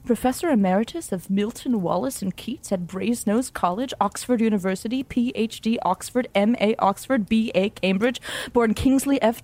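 A woman reads a comic mock romance aloud with a deadpan, overwrought delivery. Her voice sits in a middle register, plain and unhurried. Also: mid-range voice, no echo. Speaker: narrator. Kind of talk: comedic mock-romantic narration.

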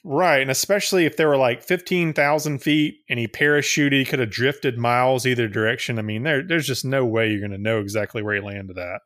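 A man's voice: mid-range voice, fairly quick, few pauses, fairly bright tone. Rambling, profane male podcast co-host. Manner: rambling, profane, laughs often. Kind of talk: casual chat.

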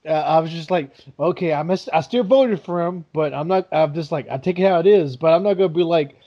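A man in casual chat on an online call, laughing and swearing loudly. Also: fairly high pitch, a little fast, lo-fi sound. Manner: loud, laughing, swears a lot.

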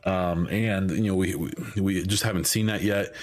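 Deep-voiced man hosting a casual podcast. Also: fairly even intonation, moderate pace. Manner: rambling, many ums and restarts. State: losing his voice. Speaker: podcast host. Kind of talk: casual solo podcast talk.

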